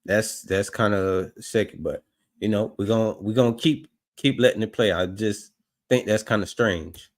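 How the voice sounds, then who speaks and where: A man commenting on footage during a livestream, skeptical and halting, often restarting his sentences. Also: lowish voice. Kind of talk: casual commentary over footage.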